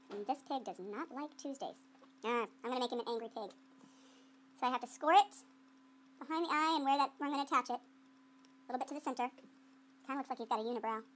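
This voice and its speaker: A woman's voice: high-pitched, fairly bright tone, a little hiss or hum. A woman art teacher talking through a clay demonstration in a playful, chatty way, thinking aloud as she works and quizzing students. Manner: playful, talks to herself while working; call-and-response with students. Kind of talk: classroom demonstration.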